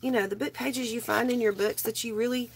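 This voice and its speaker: A woman's voice: on the high side, steady tone, brisk, breathy edge. Woman, craft live host, sick and strained, loose chatty rambling. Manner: rambling, greets viewers by name. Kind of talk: casual live chat while crafting.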